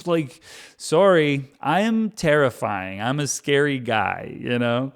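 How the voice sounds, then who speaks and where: A man putting on the voice of a boastful, menacing male deity who shouts threats. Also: medium pitch, expressive, takes it slowly, clear, resonant tone.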